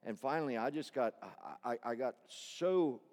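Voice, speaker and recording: A man preaching a sermon, moving between loud, intense appeals and quiet, personal storytelling. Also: medium pitch, normal speed. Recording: long reverb hall.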